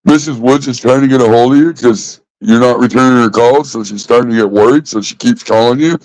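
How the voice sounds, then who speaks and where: A man in a casual vlog rant, exasperated and heavy on the swearing as he circles back to the same points. His voice sits at an ordinary middle pitch. The sound is dry, with no room echo. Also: fairly quick, darkish tone. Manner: exasperated, profane, repeats himself. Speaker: vlogger.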